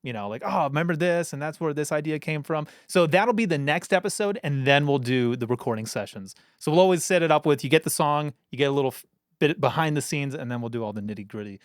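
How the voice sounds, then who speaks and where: A man's voice: medium pitch, expressive, quick pace, no echo. A man hosting a casual podcast in a recording studio, easygoing, laughing often and swearing now and then. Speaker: host, bassist.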